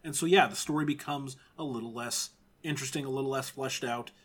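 A man's voice: medium pitch, brisk, a bit bright. A man in a casual film discussion, earnestly defending the film.

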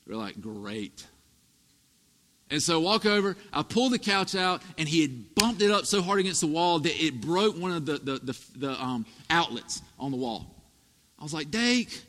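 A man in his thirties preaching a sermon, telling family stories with animated, emphatic delivery. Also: fairly high pitch. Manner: storytelling, animated, rising to emphatic peaks. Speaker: pastor. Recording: echoey hall reverb.

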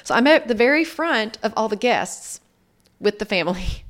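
Speaking on the high side and with expressive intonation, a woman guest tells her life story at normal speed. She is earnest and reflective, acting out others' words in quoted dialogue.

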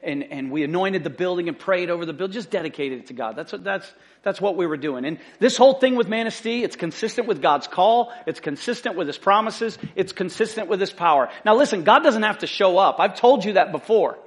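A middle-aged man preaching a sermon as lead pastor, fervent and emphatic, repeating key phrases and swinging from loud excited bursts to quiet asides. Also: a little fast, few pauses. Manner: fervent, emphatic repetition, rising to excited outbursts then dropping low.

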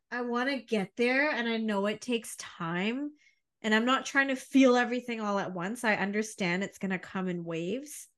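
A woman's voice: mid-range voice, fairly bright tone. A woman co-hosting a podcast in casual chat, rambling through analogies and laughing often. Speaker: podcast co-host.

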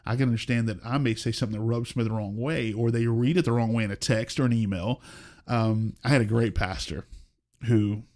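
A man's voice: mid-range voice, steady tone, fast talker, darkish tone. A man in his forties, a senior pastor, telling personal stories earnestly in a casual conversation and acting out what people said. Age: 40s. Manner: earnest storytelling, acts out quoted voices.

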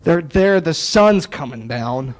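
High-voiced storytelling preacher man. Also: expressive, slow pace, poor audio. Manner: storytelling, acts out dialogue, sarcastic asides. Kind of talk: sermon.

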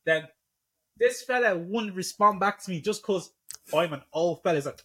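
A man's voice: high voice, normal speed, a bit bright, breathy edge. A young Irish man with a Dublin accent, a podcast guest chatting casually and tagging almost every phrase with "man" and "obviously". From Ireland. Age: young adult. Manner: says "man" and "obviously" constantly, bantering.

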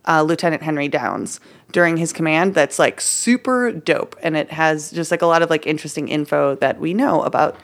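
A woman's voice: low-pitched, lively intonation, a little fast, gravelly. A woman co-hosting a casual history podcast, telling a story in a chatty way with lots of "like" and "uh" and playful slang. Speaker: podcast co-host presenting history research.

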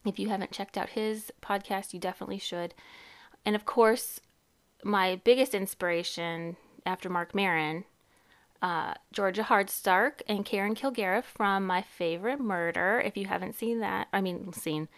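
With a medium-pitched voice and a moderate pace, this podcast host chats in a rambling, casual way, frequently laughing and breaking off mid-thought. She is a therapist in her thirties.

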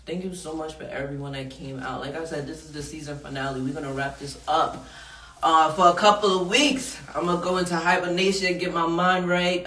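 A woman hosts a podcast with a bright, forceful voice, chatting in an animated, unfiltered way and laughing between lines. She sits back from the mic in a roomy studio, with a faint hiss behind her. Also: deep voice, a little fast, recorded from a distance. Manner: animated, laughing often, frank and profane. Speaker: podcast host. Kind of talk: casual podcast chat.

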